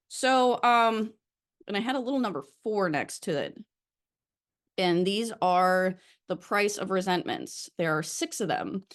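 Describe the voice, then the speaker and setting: A young woman with a stuffy nose and a slightly breathless voice, leading a study session and reading aloud haltingly with many fillers. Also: lowish voice. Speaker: recovery study leader. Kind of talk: casual recorded study session.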